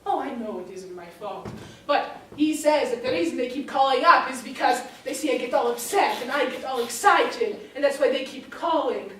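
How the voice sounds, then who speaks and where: An actress playing an excitable Italian housewife in a stage monologue, speaking broken English with an Italian accent in a chatty, theatrical way. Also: female voice, high voice, normal speed, hardly any pauses, slight background noise. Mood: indignant. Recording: distant, echoey live theater recording.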